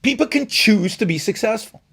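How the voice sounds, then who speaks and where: A middle-aged man hosting a live stream, talking casually, rambling with fillers and restarts, and rising in pitch when he makes a point. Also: lively intonation, normal speed, creaky, fairly bright tone, husky. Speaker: show host.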